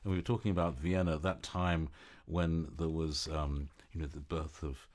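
Male radio interviewer, measured and thoughtful, very low voice. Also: flat delivery, darkish tone. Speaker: radio host.

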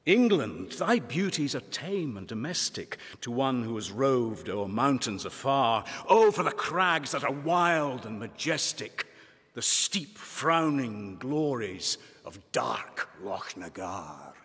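A man reads verse aloud in a grave, declamatory way, lingering over each line. His tone is husky and the pitch swings widely. A long hall reverb follows. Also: very animated, takes it slowly, fairly bright tone. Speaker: reader. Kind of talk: dramatic poetry reading.

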